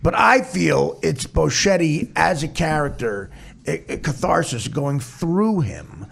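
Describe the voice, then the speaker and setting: A man's voice: on the high side, animated, vocal fry, a bit bright, breathy edge. A man hosting a podcast with casual, teasing comedic chat. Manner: teasing, quick to mock. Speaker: podcast host.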